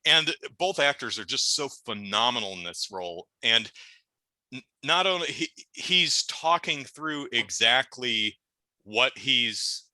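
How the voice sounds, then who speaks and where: Bright-voiced middle-aged man, halting chat. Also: mid-range voice, lively intonation, dry recording, low-quality recording. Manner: halting, many restarts and fillers. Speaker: YouTube show host. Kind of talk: casual movie discussion.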